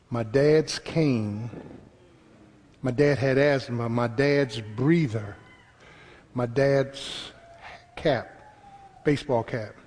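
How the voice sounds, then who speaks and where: A man preaching a sermon that swings from quiet storytelling to shouted call and response, then leading an altar call. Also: mid-range voice, rough recording. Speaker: pastor. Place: church sanctuary. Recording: live church with congregation and room noise.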